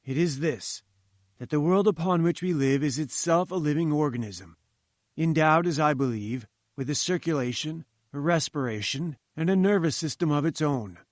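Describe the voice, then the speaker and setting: A man's voice: on the high side, normal speed, no echo, studio quality, natural voice. A man reading the lines of a pompous, condescending male professor who lectures in a lofty, patronizing manner. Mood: lecturing. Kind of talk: audiobook character voice.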